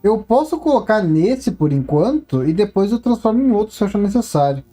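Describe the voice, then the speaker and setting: A woman's voice: mid-range voice, very animated, fast talker, mellow, soft background music. A woman with a Brazilian Portuguese accent streaming a game, musing aloud to herself in casual gameplay commentary. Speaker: gaming streamer.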